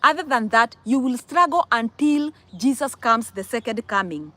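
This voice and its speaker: A woman's voice: a little high, animated, moderate pace, pushed and bright, no echo. A young woman with a Kenyan accent giving casual advice to viewers, emphatic, asking rhetorical questions and repeating words. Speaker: vlogger answering viewer questions.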